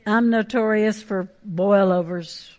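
A woman's voice: mid-range voice, fairly even intonation, takes it slowly, darkish tone. A woman pastor, preaching a sermon with emphatic, repeated phrases.

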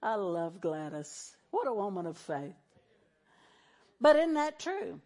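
A woman's voice: medium pitch, sing-song, slow pace, darkish tone. A middle-aged woman pastor preaching a sermon in a conversational way, acting out the voices she quotes.

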